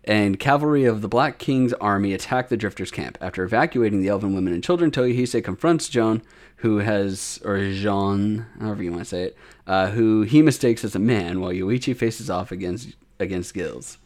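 A man's voice: fairly low pitch, normal speed, darkish tone. A young man, a podcast co-host, recaps an episode in casual chat, rambling with many fillers and restarts.

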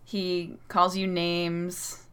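Woman on a gaming podcast, kinda low voice, playful, argues her point, laughs a lot. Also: monotone, drawn-out words, a bit bright, clean tone. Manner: playful, insistent, giggly. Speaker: podcast co-host. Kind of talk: casual chat.

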